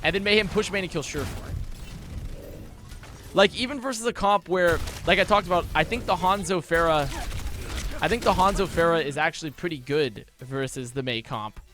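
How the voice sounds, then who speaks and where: A young man giving a casual esports match breakdown, talking fast and excitably, with frequent swearing and restarts. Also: on the high side, music in the background. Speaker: esports analyst.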